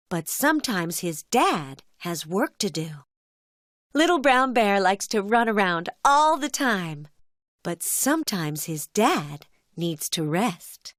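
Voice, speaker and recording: A woman telling a children's cartoon story as narrator, in a gentle storybook manner. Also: mid-range voice, no room sound, clean studio sound.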